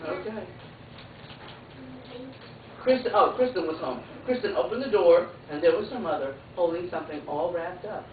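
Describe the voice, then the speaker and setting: A woman teacher reads a picture book aloud to small children with a lively, swooping voice, adding playful asides and loud sound effects. The sound is tinny and thin, with an echoey ring. She was recorded by a camera across a classroom with loud noise around her. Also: lowish voice, moderate pace, long pauses, recorded from a distance. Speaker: pre-K teacher.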